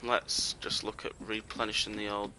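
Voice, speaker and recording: A man's voice: fairly low pitch, completely flat delivery, normal speed, pushed and bright, slight background noise. A young British man chatting casually and joking with viewers while he plays a game on a live stream.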